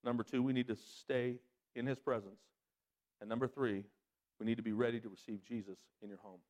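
A man preaching a sermon as pastor, talking directly to his congregation. He swings his voice up high for emphasis and drops it low for serious points. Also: steady tone, brisk, darkish tone.

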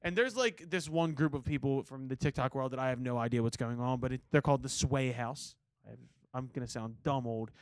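A man's voice: medium pitch, brisk, no echo. A man hosting a podcast in casual chat, joking and swearing freely. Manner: jokey, swears freely, acts out quotes. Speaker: podcast host.

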